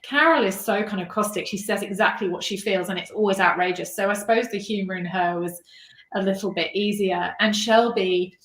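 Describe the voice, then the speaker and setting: A woman's voice: medium pitch, a little fast, a bit bright. Hesitant woman author in an echoey room. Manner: hesitant, self-deprecating, many restarts. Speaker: author guest. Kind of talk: casual interview chat. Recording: roomy echo.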